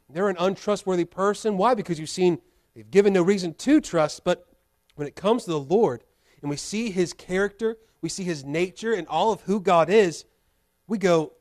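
A man's voice: high voice, a little mellow. A male pastor preaching a sermon in a church, earnest and full of repeated rhetorical questions. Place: church sanctuary.

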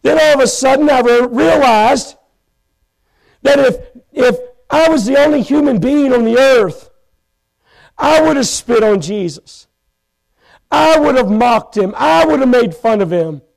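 A man preaching a sermon from a church pulpit, telling his own story with passion, breaking into shouts and slowing down to stress his points. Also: extremely high pitch, animated, creaky, rough recording. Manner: impassioned, bursts into shouts, slows for emphasis. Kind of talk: sermon testimony. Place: church pulpit, live stream.

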